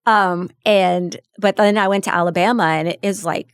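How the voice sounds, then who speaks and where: A woman's voice: mid-range voice, fairly even intonation, normal speed, smooth, no echo, clean studio sound. A middle-aged woman from New Hampshire, a podcast guest, chatting enthusiastically in a casual interview. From southern New Hampshire, US. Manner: enthusiastic, talkative, restarts sentences. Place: podcast studio.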